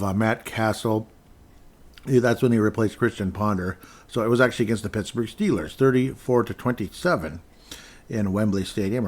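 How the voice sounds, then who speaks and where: Low-voiced rambling podcast host, a man. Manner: rambling, reads scores aloud, dry sarcastic asides. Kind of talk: casual solo sports talk. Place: indoors at a desk in front of a screen.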